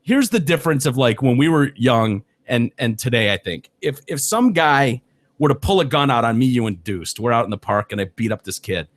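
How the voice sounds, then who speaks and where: A man hosting a casual podcast, telling stories with lots of swearing, laughter and loud voices for the people he quotes. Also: medium pitch, very animated, brisk. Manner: swears freely, laughs often. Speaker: podcast host.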